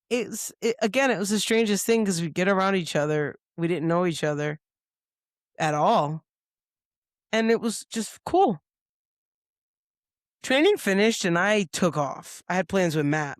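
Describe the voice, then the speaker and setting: A woman co-hosting a podcast, telling a casual story with lots of swearing and quick impressions of other people's voices. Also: deep voice, no room sound, clean studio sound. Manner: profane, lively, acts out others' lines. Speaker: podcast co-host. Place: podcast studio.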